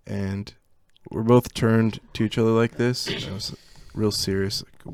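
A young man tells a funny childhood story on a podcast, laughing as he goes and acting out the lines of the people in it. His voice sits fairly low. The sound is dry and close to the mic. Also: measured pace, smooth, dry recording. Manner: laughing, animated storyteller who acts out quotes. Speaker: podcast co-host. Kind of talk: casual storytelling chat.

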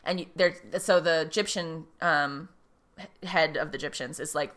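A woman's voice: low voice, fairly even intonation, normal speed, fairly bright tone. A woman casually recapping a TV episode, rambling and quoting the characters. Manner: rambling retelling with quoted lines and fillers. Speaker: podcast co-host recapping a TV episode. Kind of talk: casual chat.

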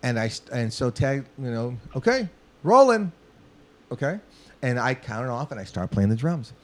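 Male guest from LA, mid-range voice, animated and profane anecdote teller. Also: mid-range voice, brisk. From Los Angeles, US. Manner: profane, animated, acts out quotes. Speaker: guest musician. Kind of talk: casual storytelling.

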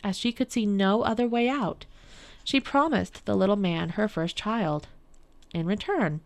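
A woman from a public library reading a fairy tale aloud for radio in a calm, measured way. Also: medium pitch. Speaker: library storyteller. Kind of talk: storybook read-aloud for radio.

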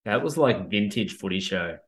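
A young man with a lowish voice, talking easily and casually. He hedges a lot and drops "like" into nearly every sentence. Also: animated, normal speed, fairly bright tone. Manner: laid-back, hedging, lots of "like". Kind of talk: casual chat.

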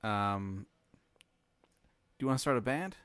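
A man voicing a chummy, brash male alien who talks loud and pushy in a raised voice. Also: expressive, a little slow, clean tone, dry recording. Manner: loud, pushy, casual pitch.

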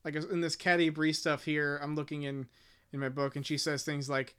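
A man's voice: fairly high pitch, level tone, moderate pace, fairly bright tone, clean tone. A man in casual conversation about a book, talking hesitantly with many restarts and reading short passages aloud. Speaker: podcast co-host discussing a book. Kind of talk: casual chat.

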